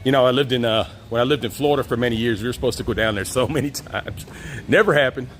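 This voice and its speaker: A man's voice: mid-range voice, quick pace. Easygoing male streamer, talks to chat while walking outside, laughs a lot, light street noise. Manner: relaxed, chatty, laughs often, reads chat aloud. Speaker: live-stream host. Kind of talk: casual walk-and-talk live stream. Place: outdoors on city streets, walking.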